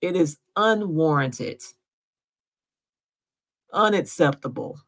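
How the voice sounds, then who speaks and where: Woman, gravelly voice, insistent, emotional vlog, direct to camera, keeps asking her viewers to agree. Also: low voice, animated, takes it slowly. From Georgia, US. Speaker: vlogger.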